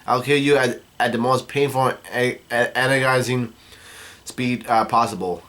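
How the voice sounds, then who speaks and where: A man reading the lines of a cold, cruel female swordfighter in a flat, quick voice. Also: mid-range voice, lightly acted.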